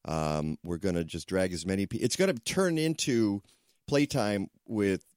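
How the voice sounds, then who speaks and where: On his talk radio show, a man rambles chattily and keeps doubling back on his sentences. His voice is somewhat low, a little slow and mellow, and the recording is dry and close, as in a studio.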